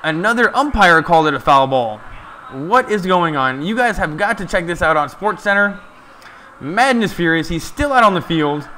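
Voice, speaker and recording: A man giving casual, excited live play-by-play of a ball game from a stream, chatting to his viewers. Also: high-pitched, normal speed, a little hiss or hum.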